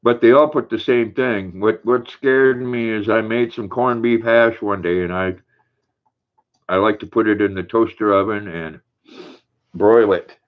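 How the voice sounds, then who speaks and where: Hosting a laid-back livestream, this older man talks a little slowly in a fairly low voice with mostly even intonation. He reads comments from viewers aloud, chats comfortably, and coos to his dog, all through thin, phone-like audio.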